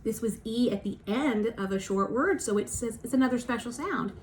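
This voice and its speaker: A woman teacher giving a recorded phonics lesson for young children, slowly modelling sounds for them to repeat and praising them patiently. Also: on the high side, slight background noise. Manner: encouraging, patient. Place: at home.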